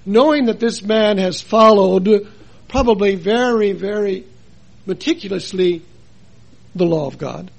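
A man preaching a sermon, his high voice heavy with gravel and a husky edge. He talks earnestly and asks his listeners many rhetorical questions, swinging between loud and soft for emphasis. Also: measured pace. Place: chapel.

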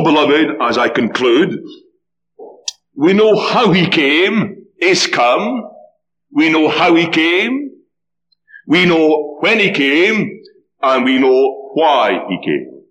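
Animated preacher man telling a story. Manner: animated, swinging pitch, dramatic storytelling. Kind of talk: sermon with storytelling.

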